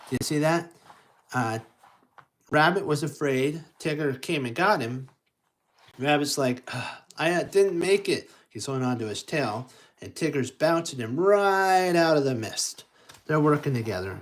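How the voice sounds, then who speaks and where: A storytime reader reading a picture book to young children, slow and halting, with stumbles and asides. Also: medium pitch, poor audio.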